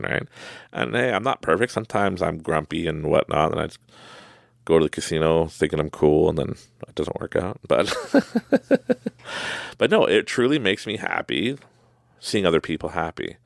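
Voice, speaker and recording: A man with a very deep, gravelly voice rambles through a casual motivational monologue. His pitch swings widely, and he fills his talk with asides and fillers. The sound is dry and close. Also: sing-song, normal speed, no echo. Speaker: podcast host.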